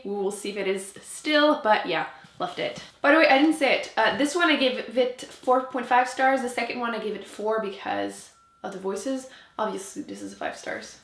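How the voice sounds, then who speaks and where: A young French Canadian woman talks through her month's reading in a chatty, casual way, leaning on "like" as she goes. Her voice sits a little high, and the room around her has a noticeable echo. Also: a bit bright. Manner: chatty, many "like" fillers. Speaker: book vlogger. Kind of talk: casual book review. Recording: echoey room.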